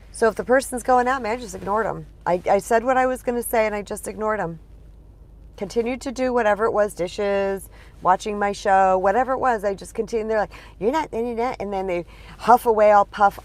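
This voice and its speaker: A middle-aged woman speaking as a spiritual empowerment coach, talking casually and emphatically to viewers from inside her car, often calling them you guys. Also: medium pitch. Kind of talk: casual monologue to camera.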